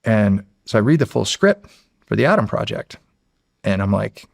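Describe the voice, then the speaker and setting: A man's voice: lowish voice, moderate pace, creaky, no room sound, studio quality. An American man in his forties, a podcast guest telling a story in a casual way, acting out what people said and swearing freely. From United States. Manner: animated storyteller who acts out quotes and swears freely.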